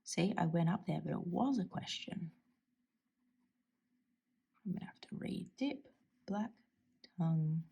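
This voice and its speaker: Australian woman host, casual chat, husky and mellow, enthusiastic with soft murmured asides. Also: lowish voice, lively intonation, a little slow, long pauses. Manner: chatty, enthusiastic, often drops to a soft near-whisper. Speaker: stationery channel host. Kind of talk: casual chat while swatching inks.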